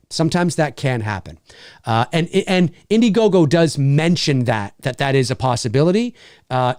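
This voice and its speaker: A man's voice: medium pitch, darkish tone, clean tone, dry recording, clean studio sound. A middle-aged Canadian man with a Canadian accent, hosting a casual livestream, reading chat comments and repeating himself enthusiastically.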